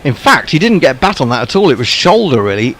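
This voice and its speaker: A man's voice: mid-range voice, big pitch swings, quick pace, a bit bright, slight background noise. A man calling ball-by-ball cricket commentary in a wry, rambling way, full of ums and asides.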